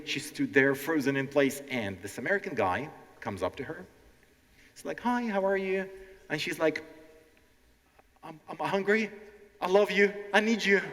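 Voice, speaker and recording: Brief: man, bright animated stage teacher, echoing hall, faint music. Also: medium pitch. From Ukraine. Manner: animated, keeps asking "okay?", acts out quotes. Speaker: language teacher hosting a stage show. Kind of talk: interactive stand-up lesson. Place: stage in a hall before a live audience.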